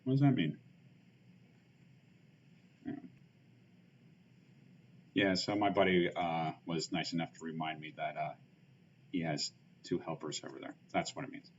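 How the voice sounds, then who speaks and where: A man's voice: a bass voice, little pitch movement, moderate pace, long pauses. A man streaming a card game, thinking aloud in casual commentary with lots of fillers and muttered asides. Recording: dull lo-fi stream audio with faint hiss.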